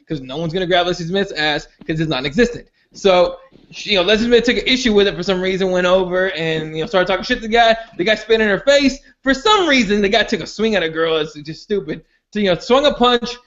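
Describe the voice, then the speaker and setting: A man's voice: high-pitched, a bit bright. A man co-hosting a fight podcast, loosely and chattily recapping a story in profane casual talk. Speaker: podcast co-host. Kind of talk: casual profane sports chat. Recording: muffled lo-fi audio.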